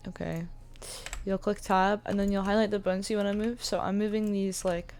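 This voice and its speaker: A woman's voice: medium pitch, little pitch movement, normal speed, a little mellow, slight background noise. A woman giving a casual screen-recorded tutorial, chatty and thinking aloud with many fillers, with the hiccups. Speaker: 3D modeling tutor.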